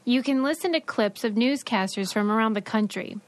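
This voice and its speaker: A woman's voice: a little high, fairly quick. A woman co-hosting a podcast, chatting casually and explaining what she read, with side remarks. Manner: chatty, explains a study with asides. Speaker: podcast co-host. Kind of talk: casual chat.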